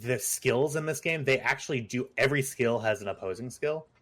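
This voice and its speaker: A man of middle pitch serves as game master in a tabletop session. He talks in a halting, filler-heavy way and breaks into laughter as he works out his rulings. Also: a bit bright. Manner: hesitant, many fillers and restarts, laughs easily.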